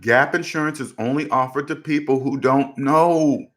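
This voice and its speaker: A man's voice: medium pitch, normal speed, fairly bright tone. A man hosting a personal finance channel, talking emphatically and repeating his points to drive them home. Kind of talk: casual commentary to camera.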